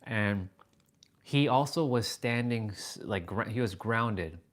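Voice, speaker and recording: A man chats on a livestream, telling his story with animation. He turns to his viewers between anecdotes and answers their comments in a relaxed, conversational way. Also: fairly low pitch, takes it slowly. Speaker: livestream host. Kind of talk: casual livestream chat.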